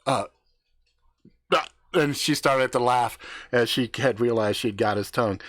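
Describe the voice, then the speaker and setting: A man's voice: medium pitch, measured pace, a bit bright, no echo. A man improvising a crude story on a live stream, swearing freely, laughing and acting out the characters' lines.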